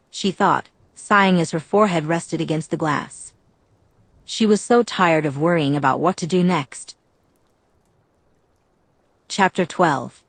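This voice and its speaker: Low-voiced woman narrating an audiobook. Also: a little slow, no room sound.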